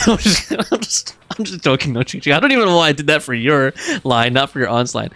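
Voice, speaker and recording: A man's voice: a little high, fairly quick, few pauses, a bit bright, no echo. A man streaming a video game live, chatting casually with viewers, laughing often and reading game text aloud. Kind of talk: casual live-stream chat while gaming.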